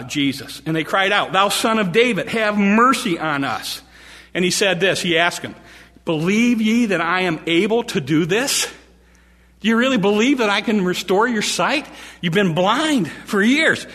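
A man with a high voice preaches a sermon in a room with long reverb. He retells scripture stories in plain, animated speech, often restarting his sentences.

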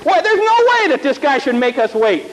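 A preacher voicing fussing indignant kings. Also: male voice, very high-pitched, sing-song, brisk, big-room sound, low-quality recording. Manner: whining, fussing, impatient. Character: indignant proud royal kings, grown men. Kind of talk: sermon storytelling.

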